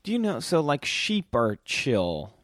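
A man hosting a relaxed, casual chat, talking softly and meandering, often trailing off into quiet asides. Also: on the high side, unhurried, dry recording, clean studio sound. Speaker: podcast host. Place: indoors, lying on a couch cushion on the floor.

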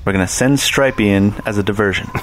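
A man's voice: fairly low pitch, fast, a bit bright, slight background noise. A man playing a tabletop game, making dry wisecracks in casual chat. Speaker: player.

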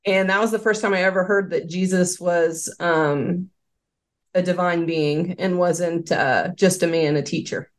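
Lowish-voiced woman telling her story candidly. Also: steady tone, measured pace. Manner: earnest, candid storytelling with many fillers. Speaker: interview guest, former quality control worker. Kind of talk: casual interview testimony.

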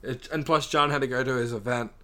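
Young male talker, loose filler-heavy storytelling, mid-pitched, casual chat. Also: quick pace, bright, forceful tone. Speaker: friend telling a story.

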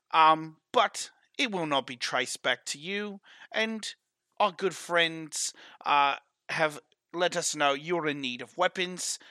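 A man playing a smooth-talking smuggler. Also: fairly high pitch, bright, forceful tone, no echo, voice pushed up. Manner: flowery, persuasive. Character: smooth-talking male smuggler, bold and scheming.

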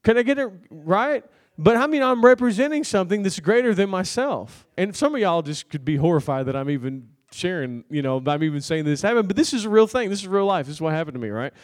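A man's voice: high-pitched, lively intonation, quick pace, hardly any pauses. A man preaching a sermon, telling a story in a loose, conversational way and calling out to the congregation for an amen. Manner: conversational storytelling with laughs and crowd call-outs. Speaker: pastor.

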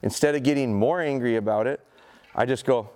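A man with a medium-pitched, darkish voice talks a little fast while giving a live dog-training seminar in front of an audience at an event. He coaxes the dog with short repeated commands and praise, then explains plainly to the crowd using rhetorical questions.

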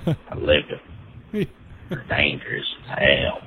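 A man's voice: very deep voice, wildly swooping pitch, takes it slowly, long pauses, phone-quality sound, background noise. A man in a played clip, rambling and boasting, full of profanity.

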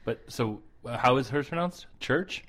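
A man co-hosting a podcast in a casual chat. His pitch rises and falls a lot, and his asides are playful and punning. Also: expressive, moderate pace, fairly bright tone. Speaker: podcast co-host.

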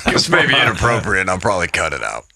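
A man's voice: low-pitched, big pitch swings, racing, bright, forceful tone. A man hosting a casual podcast, laughing and swearing as he retells movie scenes. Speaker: podcast host.

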